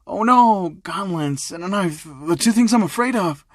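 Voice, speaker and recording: A man's voice: on the high side, expressive, moderate pace, no echo, clean studio sound. A man voicing a cocky young male hero in a fan-made story reading, offhand and sarcastic.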